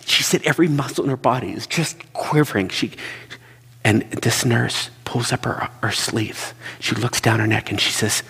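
A middle-aged man preaching, telling stories in a halting, earnest way and repeating words as he searches for them. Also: mid-range voice, creaky, fairly bright tone, breathy edge. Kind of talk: sermon storytelling. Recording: long reverb in a large hall.

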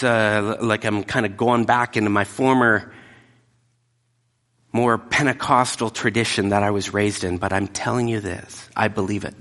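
A man preaching a sermon, emphatic, dropping often into hushed, whispered asides. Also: fairly low pitch. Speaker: pastor. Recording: long hall reverb.

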